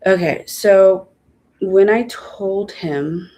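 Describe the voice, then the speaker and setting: Woman, casual storytime vlog; slow, halting delivery full of fillers and pauses, blunt and upset. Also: mid-range voice, warm tone. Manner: many fillers and trailing pauses. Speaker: mother telling her story.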